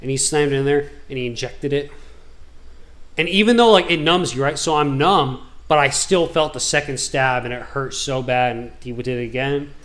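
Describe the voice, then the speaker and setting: A man's voice: mid-range voice, moderate pace, fairly bright tone. Rambling, slangy man telling a story. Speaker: gaming video host. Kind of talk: casual storytelling while gaming.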